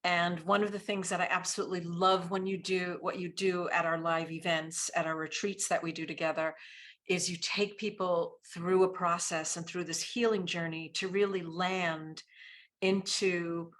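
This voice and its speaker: A woman's voice: on the low side, level tone, normal speed, fairly bright tone. A woman hosting a webinar, upbeat and gushing as she introduces the speakers. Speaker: webinar host. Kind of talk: hosting, enthusiastic moderation.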